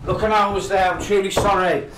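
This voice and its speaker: A man's voice: high voice, little pitch movement, fast, far from the mic, noisy background, natural voice. An actor playing a cheating young fiance, begging and repeating his apologies. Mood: pleading. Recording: roomy, from off-mic.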